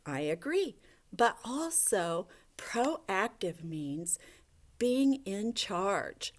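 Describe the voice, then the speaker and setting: A woman teacher giving a gentle, coaxing video lesson to young children, talking to a puppet. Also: medium pitch, big pitch swings, very slow. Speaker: elementary school teacher.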